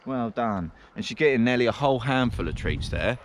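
A man's voice: mid-range voice, lively intonation, fairly quick. A man chatting casually to his viewers while walking his dogs in the woods, rambling from one thought to the next, recorded on a handheld camera. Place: outdoor woodland on a windy day. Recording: wind and outdoor noise.

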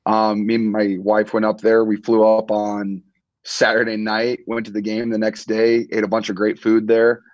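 Young man, podcast host, casual rambling chat, lowish voice, dull dry audio. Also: monotone, normal speed, no echo. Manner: laid-back, rambling with many ums. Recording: muffled low-fidelity audio.

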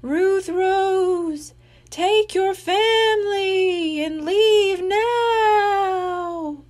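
A woman voicing a ghost in a read-aloud storybook, moaning slow warnings. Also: very high-pitched, darkish tone, voice pushed up, full character voice. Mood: eerie warning. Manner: drawn-out moaning delivery.

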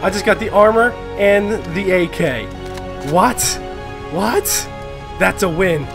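A young man giving live, excitable commentary on a game he plays, swearing and yelling when surprised. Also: sits high, takes it slowly, gravelly, music in the background. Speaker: gaming commentator.

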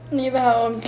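A woman's voice: sits high, a little mellow, low-quality recording. Chatty young woman streaming live. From Finland. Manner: chatty, answers fan comments while eating. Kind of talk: casual live stream chat with fans. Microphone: phone or built-in mic.

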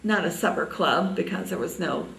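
Older woman, oral history interviewee, halting reminiscence, distant mic. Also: lowish voice, creaky, roomy sound. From Indiana, US. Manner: reminiscing, halting with many ums.

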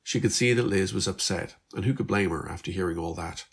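Irish guy reading his story out, low gravelly voice, bit husky. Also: a little fast. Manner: quiet, low narration tags. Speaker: author reading aloud.

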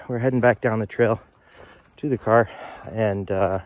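Outdoors by a pond and lake in winter, a man vlogs his fishing trip, joking, rambling, and muttering to himself as he casts in casual narration. His voice is fairly low with fairly even intonation, he speaks unhurriedly, and the audio is dull.

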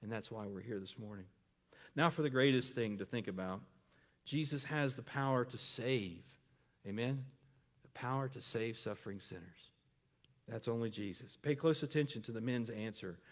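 A man's voice: medium pitch, moderate pace, long reverb tail. A man preaching a sermon as pastor, often asking the congregation questions and pressing his points home.

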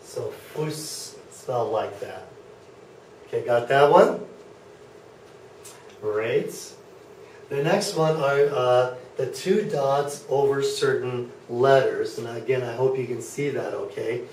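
A man lectures slowly and patiently to a classroom, pausing often to check that his students follow along. He is caught by a camera at the back of the room, his voice distant and ringing off the walls, with a faint hum of room noise underneath. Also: mid-range voice, a little mellow. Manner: patient, checks in with frequent okays. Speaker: German teacher. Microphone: far camera. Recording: echoey classroom from far off.

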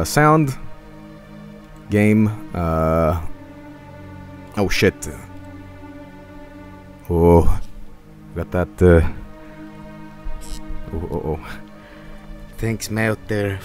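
A man's voice: sits low, lively intonation, takes it slowly, long pauses, faint music behind. A man streaming a video game, chatting casually and jokingly with lots of fillers. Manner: jokey, rambling, full of fillers. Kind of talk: casual gaming commentary.

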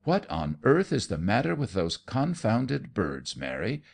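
A man's voice: lowish voice, huge pitch swings, a little slow, vocal fry, pitched above the performer's own voice, full character voice. A man playing a blustering, indignant colonel. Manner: demanding, shouting.

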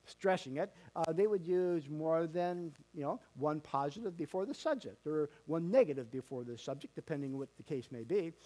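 A man's voice: fairly high pitch, warm tone. A male pastor preaching a sermon in a church, folksy and emphatic, with many fillers and repeated words. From Canada. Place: church sanctuary.

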